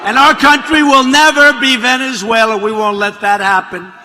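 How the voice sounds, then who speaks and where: A man giving a campaign rally speech, rambling and mocking, repeating himself and breaking into shouts. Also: very high-pitched, fairly even intonation, moderate pace, a little hiss or hum. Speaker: politician addressing a rally. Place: large rally venue. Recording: long arena reverb, faint crowd ambience.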